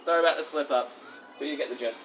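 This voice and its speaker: A man reading his own dark poetry, then chatting in a rambling, apologetic way, talking with his mouth full at a fast-food restaurant. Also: medium pitch, noisy background. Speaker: vlogger and self-published poet. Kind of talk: poetry reading then casual vlog chat.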